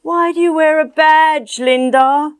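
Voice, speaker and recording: A woman's voice: high voice, fairly even intonation, slow pace, no room sound, studio quality, voice pushed up. A woman reading voices a bossy young woman who talks firmly and takes charge. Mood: firm exasperated. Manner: firm, commanding.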